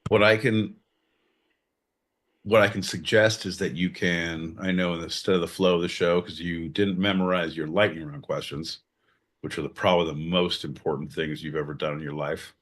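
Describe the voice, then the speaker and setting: A man co-hosting a comedic podcast in casual banter, animated and crude, breaking into loud mock outbursts. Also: deep voice, normal speed. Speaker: podcast co-host.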